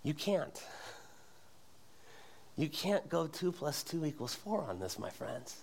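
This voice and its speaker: A pastor preaches in an earnest, searching way and keeps asking the congregation to fill in words. His voice sits high for a man. He circles back and repeats phrases as he builds his point. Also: expressive, takes it slowly, gravelly, pauses often, husky. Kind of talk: sermon.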